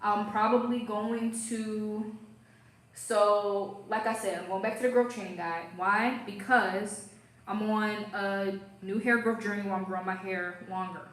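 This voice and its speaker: A woman's voice: medium pitch, fairly even intonation, unhurried, a bit bright, echoey room, poor audio. A young woman hosting a casual hair care livestream, playful and chatty, reading viewer comments as she goes.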